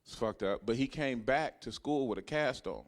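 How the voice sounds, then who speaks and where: A man in his thirties doing a stand-up comedy set, telling a profane story that swings from hushed asides to loud punchlines. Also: mid-range voice, moderate pace. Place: comedy club stage.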